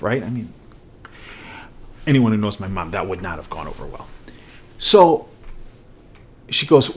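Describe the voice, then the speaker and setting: Middle-aged man, talk show host, storytelling, acts out dialogue, lively pitch. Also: moderate pace, pauses often. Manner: animated storyteller acting out dialogue.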